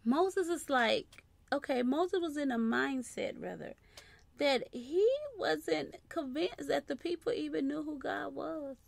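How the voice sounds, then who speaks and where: Woman preacher, raspy fry in the voice, keeps murmuring amen and glory between lines. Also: high-pitched, measured pace, no echo. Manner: constantly interjects praise phrases, drops to soft murmurs. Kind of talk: sermon.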